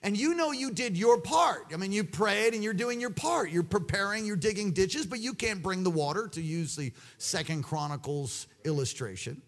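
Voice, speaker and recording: A man preaching a sermon, swinging between loud exclamations and hushed asides. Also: high voice, animated, normal speed, creaky, few pauses.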